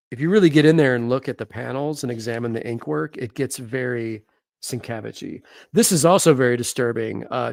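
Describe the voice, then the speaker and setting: A man's voice: medium pitch, vocal fry, dry recording. A man who is a comic artist, hosting a casual, enthusiastic chat about comics, full of slang and casual swearing.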